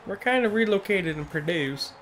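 Lively, goofy young man gaming. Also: high-pitched, moderate pace, soft background music. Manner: goofy, crude, laughs often. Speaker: let's play co-commentator. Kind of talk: casual gaming banter.

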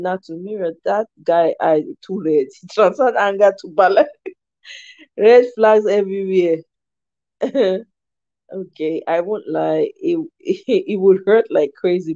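A woman host with a Nigerian accent, chatting casually as she reacts to viewer comments, animated and laughing often, slipping into Pidgin. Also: mid-range voice, no room sound, lo-fi sound.

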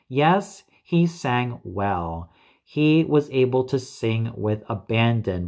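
A man giving a scripted opera review in a measured, opinionated way, carefully listing singers and roles. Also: mid-range voice.

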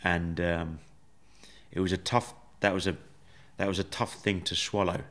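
Low-voiced man telling his story. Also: fairly even intonation, fairly bright tone. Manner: measured, reflective, with many fillers. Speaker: podcast guest. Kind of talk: conversational storytelling.

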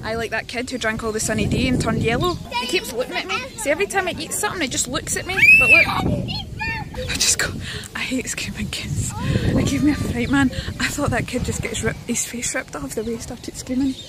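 A young Scottish woman with a high voice chats excitedly to birds and her viewers while she walks through a park. She streams on a handheld phone, so there is clear noise behind her voice outdoors. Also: fast. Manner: chatty and excitable, talking to birds and chat. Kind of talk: casual outdoor stream chat.

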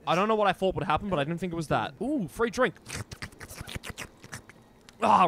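A young man streaming a game, joking, swearing and shouting excitedly as he plays. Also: high voice, normal speed, long pauses, a little hiss or hum. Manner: loud, excitable, swears a lot, jokey. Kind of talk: gaming commentary.

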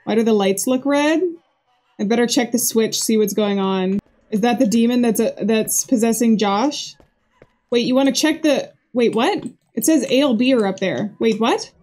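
With a fairly high, darkish voice at a moderate pace, a young woman narrates her horror game playthrough as a gaming video creator. She gets jumpy, jokes around, and reads the game's lines out loud in let's play style.

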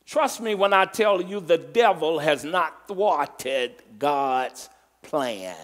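A man's voice: fairly high pitch, lively intonation. A man preaching a sermon as pastor, stretching out stressed words and calling on the congregation to answer. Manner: emphatic preaching, drawn-out stressed words, call and response. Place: church sanctuary. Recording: long reverb from a large hall.

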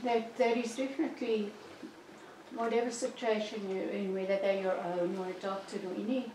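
A woman in her sixties sharing earnestly at a church Bible study, speaking in a measured way. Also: mid-range voice, fairly even intonation, a little mellow, a little hiss or hum. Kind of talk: church group discussion. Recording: echoey room from far off.

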